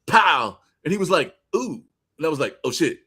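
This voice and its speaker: A man with an ordinary mid-range voice telling loose, animated stories. He laughs often and lets some asides fall to a mumble. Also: on the high side, moderate pace, breathy edge. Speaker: co-host. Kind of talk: casual podcast banter.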